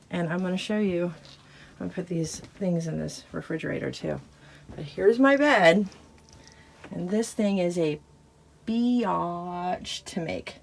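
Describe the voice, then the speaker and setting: With a gravelly, darkish, low-leaning voice, a woman talks to the camera in a casual vlog while doing chores in a small RV. She's chatty, a little breathless and quick to laugh at herself.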